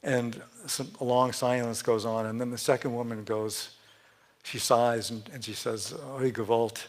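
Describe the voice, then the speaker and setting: A man with a medium, level-toned voice speaks at normal speed while giving a Sunday sermon in a church sanctuary. He keeps it conversational and humorous, regularly breaking off to restart sentences and laughing at what he himself says.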